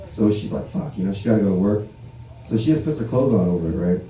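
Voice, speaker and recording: A fast-talking Los Angeles comic with a lowish, mellow voice does an animated, casual, profane stand-up set at a barbershop comedy show. He tags his stories with "right?". A little hiss or hum runs under the audio, and the mic is far away in a very echoey room.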